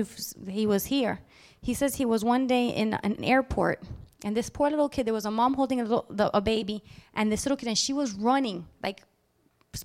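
A woman preaching a sermon in a lively, animated way, acting out little scenes sudden loud outbursts. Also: a little high.

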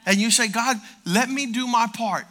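A male pastor preaching a sermon, telling stories with humor and swinging from quiet asides to loud exhortation. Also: very high-pitched, moderate pace. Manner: storytelling with playful humor.

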